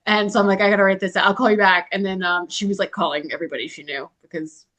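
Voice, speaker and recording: A woman's voice: mid-range voice, fast. A woman co-hosting a podcast, telling stories expressively in casual chat. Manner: expressive storyteller, acts out quotes. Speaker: podcast co-host.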